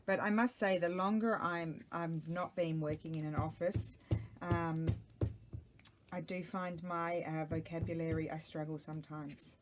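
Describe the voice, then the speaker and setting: A woman's voice: sits low, level tone, measured pace, music in the background. A middle-aged woman, chatting casually and rambling to herself while she works on a craft project at home. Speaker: craft vlogger. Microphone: small microphone.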